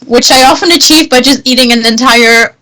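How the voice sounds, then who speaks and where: A woman's voice: sits high, fairly quick, sharp tone, rough recording. A woman from Germany co-hosting a podcast, chatting casually with frequent laughs and repeated words. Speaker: podcast co-host. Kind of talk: casual chat.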